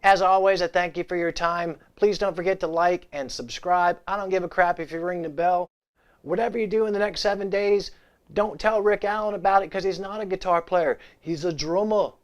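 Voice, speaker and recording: A man hosts a casual guitar gear vlog from his home set. His voice sits a bit high, and he rambles through off-the-cuff, irreverent banter and wisecracks aimed straight at the camera. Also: fairly even intonation, fairly quick, smooth. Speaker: guitar gear channel host.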